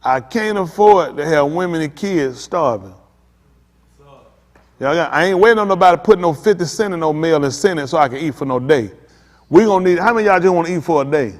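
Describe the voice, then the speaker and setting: A man preaches with fervent, repetitive insistence, hammering home his lines in loose everyday speech. His voice sits fairly high for a man. The sound hangs in a long, echoing hall. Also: lively intonation, fairly quick. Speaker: pastor. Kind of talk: sermon.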